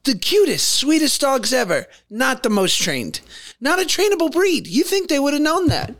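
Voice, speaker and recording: A man's voice: very high-pitched, sing-song, a little slow, fairly bright tone, no echo. A man in his thirties, a guest on a podcast, chatting casually and playfully with jokes. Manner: playful, joking. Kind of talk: casual chat.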